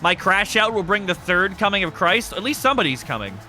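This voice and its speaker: A man streaming live who talks to his chat in a loose, joking way, swearing freely and breaking into shouts. His voice sits high and swoops around a lot. Faint music plays under him. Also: very animated, brisk. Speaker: streamer host of a wrestling show. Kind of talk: casual livestream chat with viewers.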